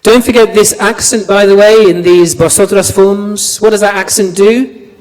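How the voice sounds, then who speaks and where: A language lecturer teaches a class in a lecture room, chatty, repeating words and putting questions to the students. His voice is high and a little mellow, with fairly even intonation at a moderate pace, and the hall adds long reverb.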